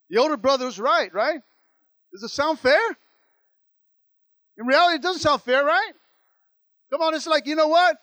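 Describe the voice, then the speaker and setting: A man's voice: very high voice, normal speed, pauses often, pushed and bright, no room sound. A man preaching a sermon as pastor, repeating lines and calling out to the church. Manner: preaching with call-outs and repetition.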